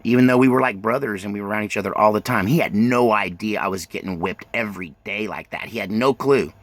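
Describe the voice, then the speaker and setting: A man's voice: fairly low pitch, fast talker, fairly bright tone, dry recording. A middle-aged man telling his own life story in a rambling, self-interrupting way, full of fillers and restarts. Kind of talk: autobiographical storytelling.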